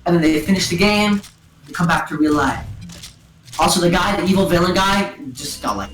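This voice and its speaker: A woman excitedly retelling a story to friends over voice chat, rambling with lots of "and then" and "like", on a gaming headset at home. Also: fairly low pitch, fairly quick, reverberant, a little hiss or hum, low-quality recording. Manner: excitable, giggly, full of "and then" and "like".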